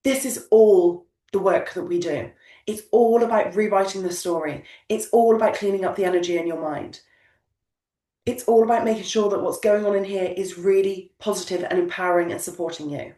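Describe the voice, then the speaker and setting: A woman coaching business owners, talking in an emphatic, motivational way and repeating her key lines. Her voice sits at a middle pitch. The room is echoey, and she sounds a little away from the mic. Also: brisk, warm tone, recorded from a distance. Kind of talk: coaching session talk.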